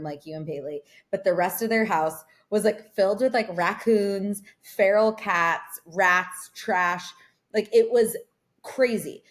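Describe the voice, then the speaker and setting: A young woman co-hosting a podcast from a remote setup, telling a long story in casual chat and saying "like" often. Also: fairly low pitch. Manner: rambling storyteller, heavy use of "like". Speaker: podcast co-host. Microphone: remote recording.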